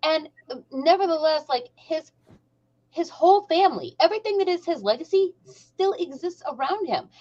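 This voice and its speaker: A woman's voice: very high voice, normal speed. A woman in a casual podcast chat, making her case and checking in with "right?". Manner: lively, tags points with "right?". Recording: dull lo-fi audio.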